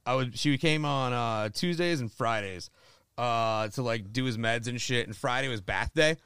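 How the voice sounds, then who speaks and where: A man's voice: medium pitch, normal speed, fairly bright tone, smooth, dry recording, studio quality. A young man from Florida, telling a rambling, profane story in casual chat, full of "like" and swearing. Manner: rambling, heavy filler "like", swears a lot.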